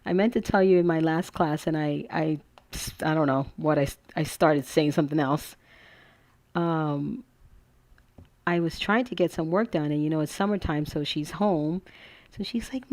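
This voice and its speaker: A woman hosts a relaxed crafting tutorial, talking her viewers through each step. Her voice sits a bit low for a woman, and she chats and gushes freely, thinking aloud as she works. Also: normal speed, no room sound. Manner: chatty and gushing, thinks aloud.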